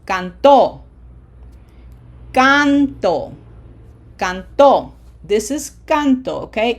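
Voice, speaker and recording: A woman teaching a recorded online language lesson. She explains rules patiently, checks in with the listener by asking "okay?" often, and slows down to stress example words when she models pronunciation. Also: mid-range voice. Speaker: Spanish teacher.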